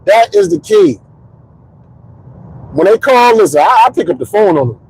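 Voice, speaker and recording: Man, 30s, comedian host, casual rambling monologue, gravelly husky voice, very lively pitch. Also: normal speed, poor audio. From Connecticut, US. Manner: rambling, animated storytelling. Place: parked car.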